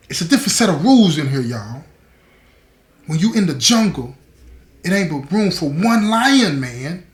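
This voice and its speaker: A man telling a story to his viewers in a streetwise, earnest way, speaking to them directly as "y'all" from inside prison. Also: echoey room. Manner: drops softer and lower as the story turns grave. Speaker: storyteller host.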